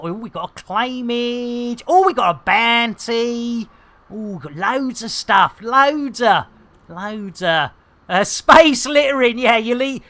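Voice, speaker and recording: Middle-aged woman streamer, jokey slangy chatter, unhurried delivery, bright voice. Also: on the high side. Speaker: game streamer. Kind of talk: casual live-stream chatter.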